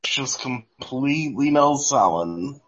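A man's voice: mid-range voice, lively intonation, slow pace, a bit bright. A man co-hosting a casual wrestling chat, laid-back and drowsy, laughing easily. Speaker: podcast co-host. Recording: dull lo-fi audio.

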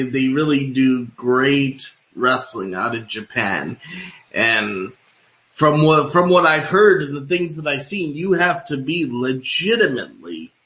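In a roomy, echoing space, a man hosts a radio-style interview, his mid-range voice bright and forceful. He rambles, stuffing his questions with fillers.

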